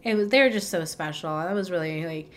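A woman's voice: on the low side, a little fast, a bit bright. A young woman co-hosting a podcast in casual chat, rambling and chatty with lots of "like"s. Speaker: podcast co-host.

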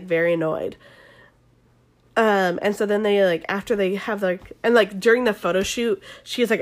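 A young woman chatting casually as she recaps a reality show, gossipy, swearing and saying "like" constantly. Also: mid-range voice. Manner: gossipy, swears, fills speech with "like". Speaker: vlogger.

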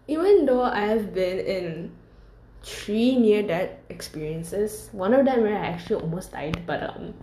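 A woman's voice: mid-range voice, lively intonation, unhurried, a little mellow. A young woman telling a casual storytime monologue, rambling and candid, with lots of fillers. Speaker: vlogger. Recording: roomy echo.

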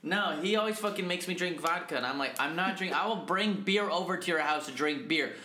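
A young man joins in on a casual podcast, blunt and teasing, swearing freely. His voice is bright and sits a bit high. The room carries a noticeable echo. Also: a little fast, slight background noise. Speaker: podcast co-host. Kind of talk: casual chat. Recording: echoey room.

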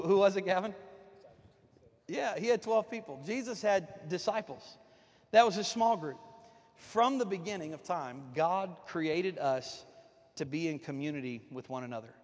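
A man's voice: sits high, moderate pace, pauses often. A pastor, preaching a joking, folksy sermon to his congregation from the platform of a church. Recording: long reverb of a church hall.

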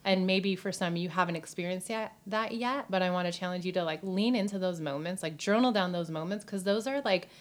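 A woman's voice: on the low side, brisk, few pauses. A woman talking earnestly about her faith in a casual podcast chat, with many "like" fillers, at times near tears. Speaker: podcast guest.

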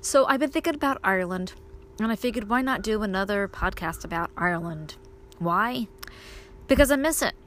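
A woman's voice: mid-range voice, expressive, brisk, a bit bright, slight background noise. A woman hosting her own podcast, talking casually and rambling with many fillers while outdoors. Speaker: podcast host and indie author. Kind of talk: casual solo podcast monologue.

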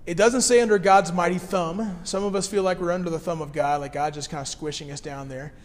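A man's voice: sits high, fairly even intonation, brisk, long reverb tail. A man in his thirties, a care pastor, preaching a sermon in an easygoing way, reading scripture and then explaining it plainly.

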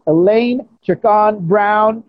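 An enthusiastic interview host speaks in a mid-pitched voice over a video call. The sound is dull and lo-fi. The phrasing is halting and effusive. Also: no room sound. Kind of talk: casual interview conversation.

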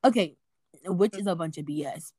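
A woman's voice: fairly low pitch, moderate pace, mellow, slightly rough, no echo. A teenage girl co-hosting a casual chat, rambling and sarcastic as she works through her opinions. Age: teens. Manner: rambling, restarts, sarcastic asides. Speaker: podcast co-host.

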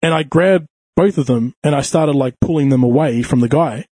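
A man telling a crude, animated story in casual chat, swearing freely. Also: fairly high pitch, moderate pace, breathy edge, dry recording. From Australia.

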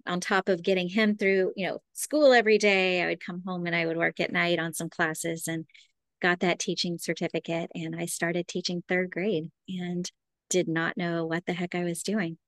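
Middle-aged woman, conversational storyteller, slightly low voice, dry close sound, animated when quoting people. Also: normal speed, no room sound. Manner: animated, acts out quoted voices. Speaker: educator guest.

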